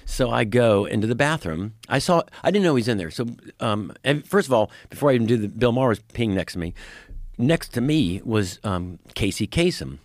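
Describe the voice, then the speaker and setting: A man, a comedian guest, telling stories in casual chat in an animated, profane, laughing way. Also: medium pitch, a little fast, no room sound.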